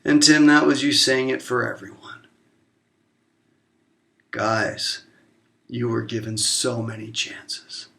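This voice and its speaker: A man delivering an emotional, confrontational monologue to camera, swearing openly and swinging between low murmurs and raised outbursts. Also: steady tone, slow, creaky, pauses often, pushed and bright. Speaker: vlogger.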